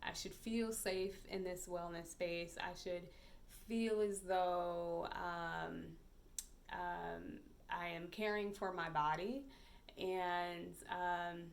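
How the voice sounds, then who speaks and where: A woman hosting a podcast shares a personal story, reflective and hesitant, with frequent pauses and fillers. Her voice sits lowish and carries vocal fry.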